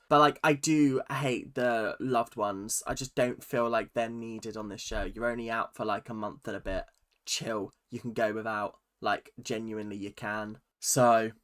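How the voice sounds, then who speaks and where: A YouTube vlogger in a lively, casual recap rant. The delivery is animated and loose, with plenty of swearing, and the voice sits close to the mic. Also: mid-range voice. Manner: animated, swears freely, acts out quotes.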